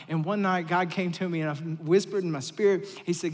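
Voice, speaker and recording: A man's voice: high voice, steady tone, fairly quick, few pauses. Man preaching in a reverberant hall. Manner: storytelling, repeats phrases for emphasis, swings from hushed to loud. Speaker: pastor. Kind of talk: conversational sermon. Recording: long reverberant hall sound.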